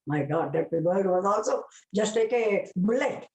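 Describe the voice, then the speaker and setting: A woman's voice: on the low side, lively intonation, moderate pace, vocal fry, hardly any pauses, darkish tone. An older woman from India with a South Indian English accent, recounting devotional experiences in an emotional, vivid way. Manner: emotional, vivid retelling with many exclamations. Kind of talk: devotional storytelling talk. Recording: roomy echo.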